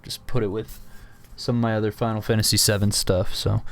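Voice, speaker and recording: A man's voice: lowish voice, little pitch movement, a little fast. A young man with a sore throat, rambling casually at his desk about items he collects, full of restarts and fillers. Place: home room at a desk.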